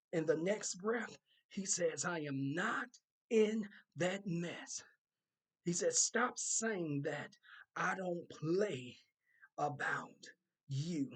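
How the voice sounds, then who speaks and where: Slow husky voice delivering a prophetic warning. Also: medium pitch. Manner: slow, repetitive, emphatic delivery relaying God's words. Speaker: content creator delivering a prophetic word.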